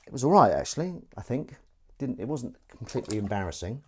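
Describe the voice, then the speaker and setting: A man's voice: medium pitch, very animated, fast talker, a little mellow, husky. A man, an actor, chatting loosely and self-deprecatingly to live-stream viewers while he does the washing up in his kitchen. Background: faint running water and dish clatter.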